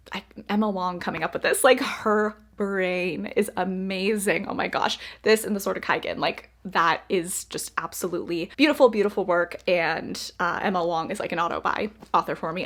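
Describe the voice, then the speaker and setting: A woman's voice: lowish voice, fairly bright tone. A young woman vlogging about books, gushing and effusive, repeating words for emphasis. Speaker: book vlogger. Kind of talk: casual reading vlog chat.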